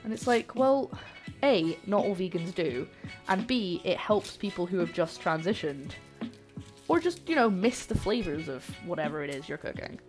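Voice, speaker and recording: A woman's voice: on the low side, big pitch swings, normal speed, faint music behind. A young woman chatting casually to viewers as she cooks in her home kitchen, greeting people and joking as she goes. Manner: chatty, greets viewers warmly, jokey asides. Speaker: cooking streamer. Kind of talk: casual livestream chat while cooking.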